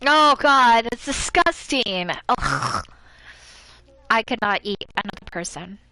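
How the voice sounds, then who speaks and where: A woman's voice: mid-range voice, sing-song, takes it slowly, vocal fry, pushed and bright, dry recording, rough recording. An American woman streaming a horror game, chatting casually, laughing often and reading items aloud. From United States. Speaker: gaming streamer. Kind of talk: casual let's-play chat.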